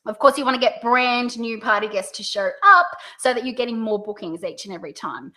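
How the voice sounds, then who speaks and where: An Australian woman coaching direct sellers in a video lesson, upbeat and playing up her rising and falling pitch. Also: lively intonation, a little fast, bright, forceful tone. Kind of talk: video tutorial.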